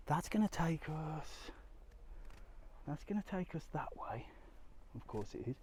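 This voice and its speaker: A man's voice: fairly high pitch, lively intonation, moderate pace, long pauses, a little mellow, a little hiss or hum. A middle-aged man on a live walking vlog outdoors, chatting to viewers and getting out of breath on the stairs. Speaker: travel vlogger. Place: outdoors on a hillside walk.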